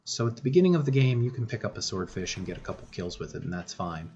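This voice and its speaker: Low-voiced man giving gameplay commentary. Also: quick pace, highs cut off, a little hiss or hum. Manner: relaxed, thinking aloud with frequent "uh" and restarts. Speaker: gaming YouTuber.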